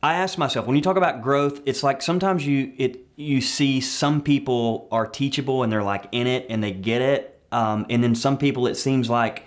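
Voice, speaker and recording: A man hosting a church interview, asking questions in a casual, halting way with many ums and likes. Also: mid-range voice. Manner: hesitant, many fillers and restarts while framing questions.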